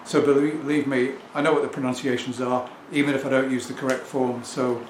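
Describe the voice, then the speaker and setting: A man's voice: medium pitch, flat delivery, brisk. A middle-aged man with an English accent, talking casually and at length as a record-selling vlogger, self-assured and rambling. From England. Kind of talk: casual talk to camera. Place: home room with turntable. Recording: echoey room with faint ambient noise.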